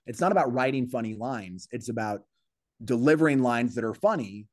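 Brisk and animated, the comedian acts out other people's lines by leaping up in pitch while telling a relaxed story as a podcast guest. His phrasing keeps restarting and piling up as he thinks on the fly, and the recording is dry and close.

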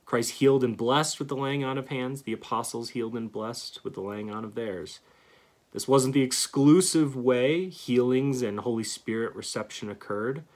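A man giving an earnest theology lecture, stressing key words and pausing to restart phrases. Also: mid-range voice, a little mellow. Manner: earnest, emphatic, reads scripture aloud with pauses and restarts. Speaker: Christian teacher.

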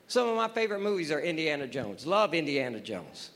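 A man's voice: fairly high pitch, lively intonation, brisk, hardly any pauses, a bit bright. A man preaching a sermon, emphatic and repetitive, who keeps asking his listeners rhetorical questions. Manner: emphatic, repeats phrases, asks the audience rhetorical questions.

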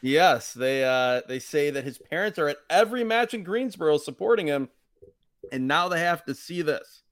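A man co-hosting a casual chat podcast, his voice sitting a little higher than most. He talks wryly and drops dry asides, now and then quoting lines in a mock voice. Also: animated, moderate pace, a bit bright. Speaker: podcast host. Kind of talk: casual chat reviewing old wrestling.

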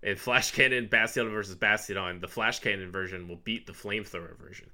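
Co-hosting a podcast, a man chats casually and animatedly as he ranks his picks, laughing easily. His voice sits on the low side, sharp in tone, and he talks a little fast.

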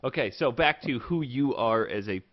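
A man's voice: mid-range voice, lively intonation, moderate pace, no room sound. A man hosting a podcast in casual chat, teasing his guests and laughing often. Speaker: podcast host. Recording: dull lo-fi dry sound.

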